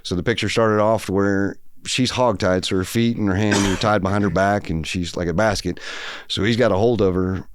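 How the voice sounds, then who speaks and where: A man's voice: lowish voice, steady tone, moderate pace, clean tone. A man telling a long story in a casual, rambling, matter-of-fact way as a podcast guest. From Texas.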